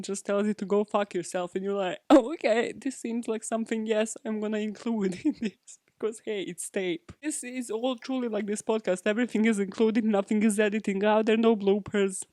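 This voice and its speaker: A chatty woman hosting a podcast, talking in a sarcastic, joking way with plenty of laughter and swearing. Her voice sits at an ordinary middle pitch. It is recorded close and dry, with no room sound around it. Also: a little mellow, dry recording. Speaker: podcast host. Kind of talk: casual true-crime podcast chat.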